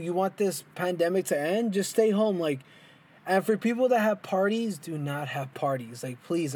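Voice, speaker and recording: A man's voice: high voice, darkish tone. Rambling young man, casual podcast chat. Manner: rambling, lots of "like" fillers, joking. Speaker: podcast co-host. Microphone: headphones and mic.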